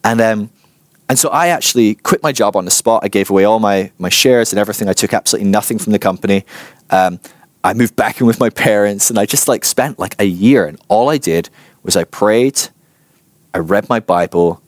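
A man giving a personal testimony talk, telling his story with animated, self-mocking humor. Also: fairly low pitch, fairly quick, dry recording, clean studio sound. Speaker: Christian teacher.

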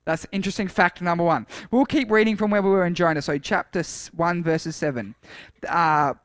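A man with a slightly high voice reads scripture aloud in a relaxed, conversational sermon. He drifts between steady reading and offhand remarks to the congregation. The sound is close and dry, with very little room echo. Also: fairly quick. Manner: reads scripture aloud with dramatic shouts for quoted lines, chatty asides. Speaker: preacher. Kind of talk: casual sermon with Bible reading.

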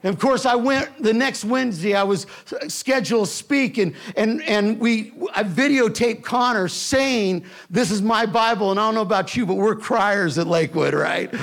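A man preaching a sermon to a church, telling a personal story with emphatic delivery that drops to a hush in tender moments. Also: high voice, normal speed, vocal fry. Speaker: pastor.

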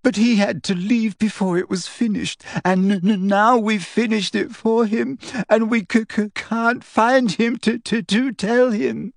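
A woman's voice: a little high, fairly even intonation, unhurried, few pauses, dry recording, studio quality, voice pushed up. A woman reading aloud and voicing a teenage girl who stammers and fakes sobbing. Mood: stammering. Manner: stuttering, choked, fake-tearful. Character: teenage schoolgirl faking sobs, stammering. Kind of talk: dramatic reading.

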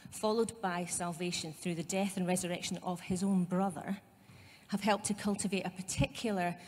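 A woman's voice: on the low side, long reverb tail. A woman pastor with a Scottish accent giving a conversational sermon, with asides to her congregation. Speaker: site pastor. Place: church.

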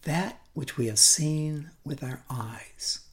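An older man preaching a sermon, deliberate and reflective, sinking to a whisper on key phrases. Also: fairly high pitch.

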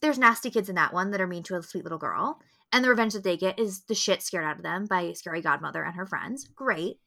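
A young woman co-hosting a podcast in casual chat, animated and profane, often acting out characters' lines. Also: on the low side, quick pace, creaky. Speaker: podcast co-host.

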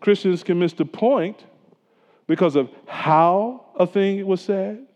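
A male pastor preaching a sermon earnestly, dropping to a hush at solemn moments and rising for emphasis. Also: high voice, slow. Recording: echoey church hall, dull lo-fi sound.

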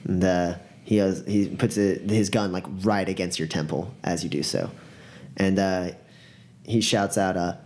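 A man narrating a tabletop game as game master, casual and halting with many fillers. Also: low-pitched, fairly even intonation, a little mellow.

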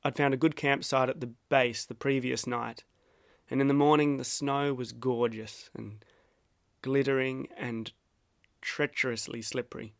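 An Australian man reads aloud a reflective essay of his own, measured and wry, with a dry and self-deprecating streak. His creaky voice is at an everyday middle male pitch, with fairly even intonation. The recording is close and dry, with no room sound.

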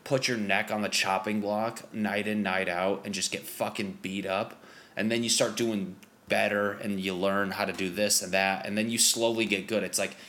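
A young man with a very deep voice rambles through a casual podcast chat. He swears freely and leans on fillers, circling back on his thoughts as he goes. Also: flat delivery, normal speed, a bit bright, slight background noise. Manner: loose, rambling, profane, lots of fillers. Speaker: stand-up comic and podcast host.

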